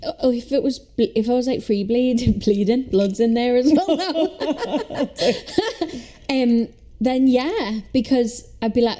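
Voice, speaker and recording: A woman's voice: on the high side, unhurried, mellow. A woman co-hosting a casual podcast, teasing her sister with blunt banter. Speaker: podcast co-host. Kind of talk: casual chat.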